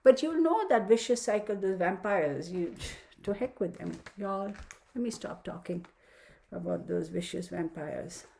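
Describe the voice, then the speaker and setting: A woman's voice: medium pitch, expressive, unhurried, gravelly, mellow. Chatty, frank woman reading horoscopes. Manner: chatty, frank, slips into mock dialogues. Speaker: astrologer giving weekly sign readings. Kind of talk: casual chatty astrology forecast.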